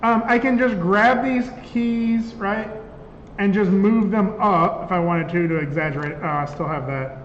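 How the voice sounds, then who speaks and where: A high-pitched man teaching a class in a conversational way, often checking with the room. The sound is echoey with a long reverb tail, a dull lo-fi quality and faint room noise. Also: measured pace. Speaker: instructor. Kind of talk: classroom software lecture.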